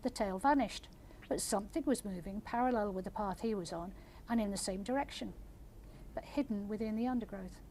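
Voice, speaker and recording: Older female author, gentle measured reader at a live event. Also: medium pitch, slight background noise. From England. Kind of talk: reading aloud then audience Q&A.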